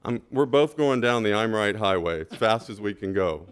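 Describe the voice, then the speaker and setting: Animated man telling a story. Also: fairly low pitch, moderate pace, clear, resonant tone. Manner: animated storyteller, repeats "right?". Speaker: school board member. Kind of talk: meeting remarks and anecdote. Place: board meeting room.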